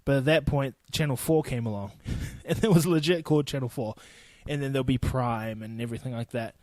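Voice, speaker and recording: A young man in his twenties with a New Zealand accent hosts a solo podcast, rambling casually and swearing freely. His mid-range voice has a darkish tone and a brisk pace, with no room sound.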